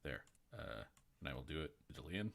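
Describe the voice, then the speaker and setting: A man's voice: very deep voice, big pitch swings, a little fast, creaky, a bit bright. A man running a tabletop game as game master, chatty and rambling, laughing often.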